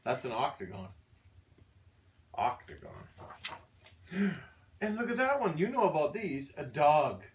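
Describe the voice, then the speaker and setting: An older man reads a picture book aloud to his baby grandson at home. His sing-song delivery swoops widely in pitch and he throws in playful animal noises. He sounds a little distant from the mic. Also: wildly swooping pitch, unhurried, long pauses, slight background noise.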